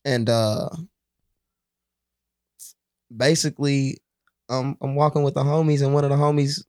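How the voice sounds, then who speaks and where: A man from Kentucky tells a story on a podcast in loose, slangy talk, jumping into other people's voices as he goes. His voice sits at an ordinary pitch and is recorded close and dry, with no room sound. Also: measured pace, clear, resonant tone, no room sound. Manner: animated, slangy, acts out quotes in other voices. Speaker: rapper guest.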